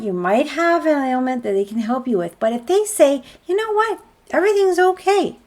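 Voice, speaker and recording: Woman, spiritual healer, group healing call, earnest, encouraging, rhetorical questions, a touch high. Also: darkish tone.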